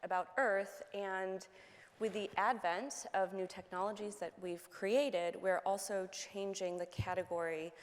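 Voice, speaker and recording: Moderator, female, mid-pitched, chatty questioner; reverberant hall sound. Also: fairly even intonation, unhurried. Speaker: panel moderator. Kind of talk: panel discussion questions. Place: conference hall. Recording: hall reverb from a conference stage.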